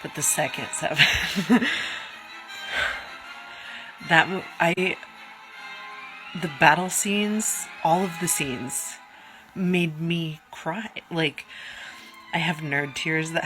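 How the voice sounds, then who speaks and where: A woman's voice: low voice, takes it slowly, long pauses, music in the background. A woman in her twenties reacting emotionally to movies in a casual vlog, rambling and dropping whispered asides. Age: 20s. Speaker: YouTuber.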